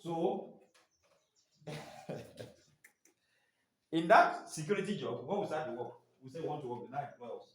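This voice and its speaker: A man's voice: fairly high pitch, expressive, measured pace, long pauses, fairly bright tone, a little hiss or hum. Quizzing male trainer in echoey room. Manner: quizzing, often ends phrases with a prompting "what?"; spells out letters and sounds one by one. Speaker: staff trainer. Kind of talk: classroom training lecture. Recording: echoey room, mic far off.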